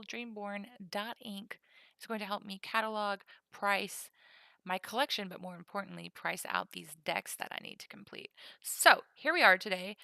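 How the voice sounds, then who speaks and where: A woman's voice: medium pitch, sharp tone, no echo. A woman streaming live, chatting playfully while she sorts and counts trading cards, dropping to a whisper to count. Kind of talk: casual live-stream chat.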